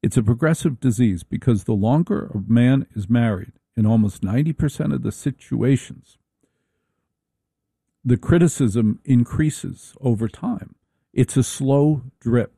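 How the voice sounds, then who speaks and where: Gravelly, very dark-voiced middle-aged man. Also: medium pitch, dry recording. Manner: wry, rambling, halting restarts. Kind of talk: comedic monologue.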